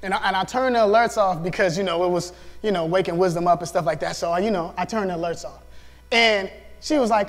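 A youth pastor delivers a sermon in an animated way, acting out the voices in his story and laughing often. His voice sits high for a man. Reverb from the hall trails each phrase. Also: fast.

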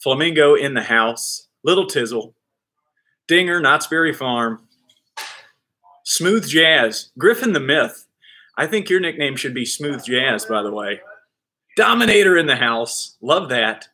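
A man's voice: mid-range voice, measured pace. A man leading a live online kids' PE class, cheering kids on and counting reps with playful energy. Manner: shouts with excitement during exercises. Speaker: kids PE coach.

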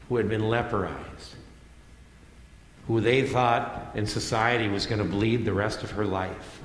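A man's voice: lowish voice, slight background noise. A male pastor preaching a sermon in a conversational way, repeating phrases for emphasis. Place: church sanctuary. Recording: echoey hall with long reverb.

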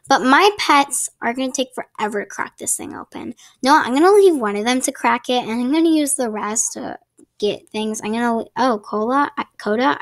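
Recorded on her laptop's built-in mic at a home desk with a ring light, a gaming channel host gives casual gameplay tips. Her voice is a little high, and she rambles and chats, adding apologetic asides.

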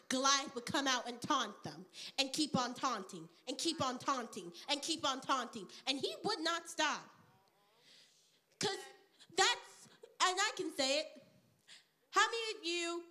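A woman's voice: high voice, expressive, measured pace, bright, forceful tone. A woman teaching an interactive Bible lesson to children at church, playful, with dryly sarcastic asides and questions to the kids.

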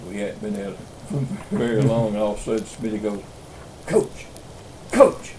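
A man's voice: on the low side, steady tone, brisk, warm tone, slight background noise, rough recording. Older South Carolina man in his 70s; rambling, folksy campfire storyteller. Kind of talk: casual storytelling.

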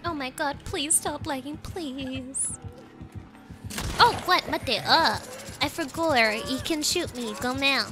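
A woman's voice: high voice, slow, over music. A woman streamer giving playful live gameplay commentary with dramatic pleading and exclamations.

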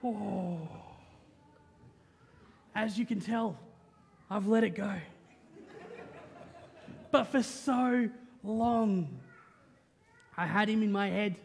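A young Australian man preaching a sermon as pastor, lively and joking in a conversational way, often checking in with "right?". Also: sits high, takes it slowly, creaky, pauses often, husky. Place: church auditorium. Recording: long reverb of a church hall.

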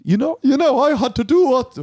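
A man voicing a folksy Southern right-wing parent with a put-on Southern accent and high drawl. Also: animated, brisk, darkish tone, slightly rough, exaggerated voice. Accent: American Southern.

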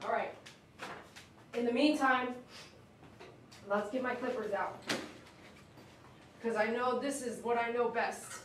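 A woman's voice: fairly even intonation, takes it slowly, pauses often. Emotional woman groomer, echoey room. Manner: emotional, chatty, talks to dogs in a high coaxing voice. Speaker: dog groomer streaming live. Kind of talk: casual live-stream chat while grooming. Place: grooming shop. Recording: echoey room, mic at a distance, faint noise.

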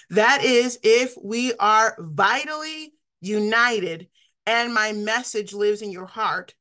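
A woman's voice: a little high, a little slow, sharp tone. A middle-aged woman giving an informal, conversational sermon, often laughing and acting out the people she quotes. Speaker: preacher.

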